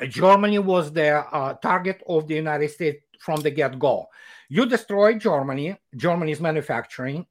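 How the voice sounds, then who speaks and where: A man, a guest commentator talking in a casual interview, animated and sardonic with many filler pauses. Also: on the high side.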